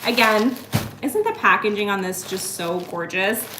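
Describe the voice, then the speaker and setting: A woman in her thirties hosting a casual live-stream haul, chatty and excitable as she talks to viewers by name. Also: medium pitch, measured pace, noisy background. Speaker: host. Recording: echoey room.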